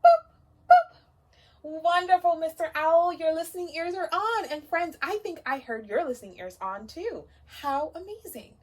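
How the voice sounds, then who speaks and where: A woman teacher leads story time for small children with gentle encouragement. Her voice sits high and swings widely in pitch as she coaxes the kids along. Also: animated, moderate pace, few pauses.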